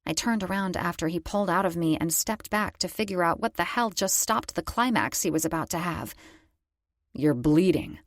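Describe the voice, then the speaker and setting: A woman narrating a first-person romance audiobook with a slightly low voice and a wry, conversational way of telling. The recording is close-miked and dry, with no room sound. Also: brisk, few pauses, fairly bright tone, no echo.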